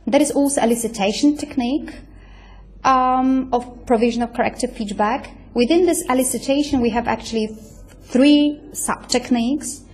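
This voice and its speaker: A woman delivers a recorded university lecture. Her voice sits a little high, and she talks unhurriedly, padding her points with fillers and checking in with her listeners as she goes. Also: darkish tone, slight background noise. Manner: explains slowly with many fillers, checks with "right?".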